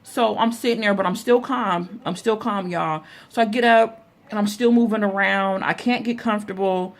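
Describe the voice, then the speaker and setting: A woman's voice: medium pitch, normal speed. Chatty woman telling a storytime vlog. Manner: chatty, addresses viewers as y'all, many fillers and restarts. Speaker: vlogger.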